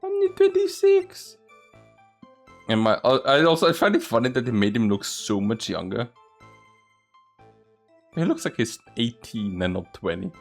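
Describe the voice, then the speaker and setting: A man's voice: fairly low pitch, animated, normal speed, gravelly, pauses often, soft background music. A man hosting a game let's play, chatting and joking with frequent laughs. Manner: chatty, jokey, laughs often. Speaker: host.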